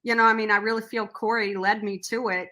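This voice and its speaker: A middle-aged woman telling a personal story as an interview guest, earnest and animated, acting out what people said. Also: mid-range voice, fast. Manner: earnest, animated storyteller who acts out quotes. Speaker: podcast guest, nonprofit founder.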